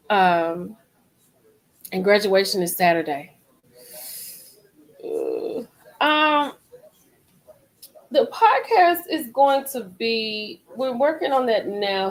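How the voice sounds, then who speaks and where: A woman's voice: mid-range voice, rough recording. Rambling woman chatting to viewers. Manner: rambling, repeats phrases, talks straight to viewers. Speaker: live stream host. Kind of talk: casual live-stream chat.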